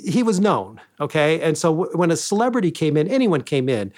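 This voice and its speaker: A quick, rapid-fire man with a somewhat high voice, spinning comedy club anecdotes as an interview guest. He acts out the lines of the people in his stories, and his delivery stays lively. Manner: animated anecdotes, acting out quoted lines. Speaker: former comedy club manager.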